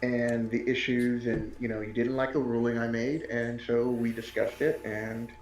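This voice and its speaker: A man's voice: mid-range voice, level tone, normal speed, darkish tone. A man running a tabletop game, chatting casually and rambling with lots of fillers after the session. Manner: rambling, filler-heavy, easygoing. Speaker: game master. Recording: echoey room with faint noise.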